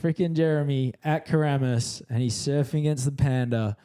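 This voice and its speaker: A man tells stories with gusto on a podcast, swearing and acting out the other voices. His tone is mellow and dark, with a relaxed, warm sound. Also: mid-range voice, normal speed, clean tone. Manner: lively, swears, acts out dialogue. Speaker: surf commentator, guest. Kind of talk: animated storytelling on a podcast. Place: podcast studio.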